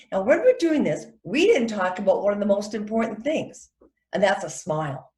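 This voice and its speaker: A middle-aged woman teaching etiquette to children and parents in an animated way, often acting out quoted voices. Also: medium pitch, normal speed, echoey room. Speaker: etiquette instructor.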